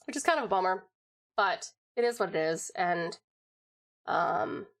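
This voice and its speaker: An American woman in casual chat on a livestream from home, rambling and laughing often as she answers chat. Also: medium pitch. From United States.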